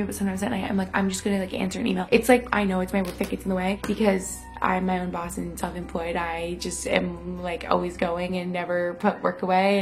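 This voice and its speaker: A young woman chatting in a confessional vlog, talking fast and loose with lots of "like" and acted-out quotes. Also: medium pitch. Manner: chatty, lots of "like", quoting herself and others. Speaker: vlogger. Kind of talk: casual confessional vlog chat.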